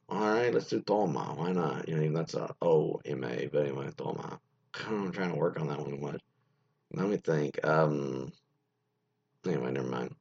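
A male radio host reads from an article and drifts into loose, rambling asides, filling every gap with fillers. His voice has a gravelly edge and swings widely in pitch, and the recording sounds dull and lo-fi. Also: animated, moderate pace, darkish tone. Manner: rambling, many fillers and asides, muttered side remarks. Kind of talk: casual solo commentary reading an article aloud.

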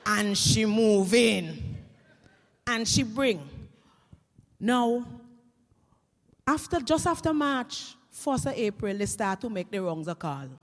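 A woman with a Caribbean Creole accent telling comic stories to an audience in a lively, chatty way, heard with long hall reverb. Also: on the high side, slow, long pauses. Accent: Caribbean English Creole. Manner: lively, chatty, swings between voices. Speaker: storyteller.

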